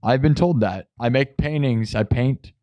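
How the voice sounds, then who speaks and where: Brief: male livestream host, casual, goofy and jokey, reads chat out loud. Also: medium pitch, measured pace. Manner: goofy, joking, reads viewer comments aloud. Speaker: livestream host and improvising musician.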